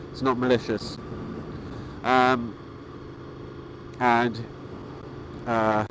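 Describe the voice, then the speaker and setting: A man vlogging about motorcycling, talking in a calm, rambling way with many fillers and restarts. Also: medium pitch, slight background noise, rough recording. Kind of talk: casual vlog monologue.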